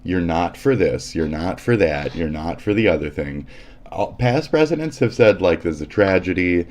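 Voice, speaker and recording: A man's voice: low-pitched, lively intonation, normal speed, darkish tone. A man hosting a livestream, ranting in a sarcastic, profane and combative way as he comments on news clips. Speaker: livestream host.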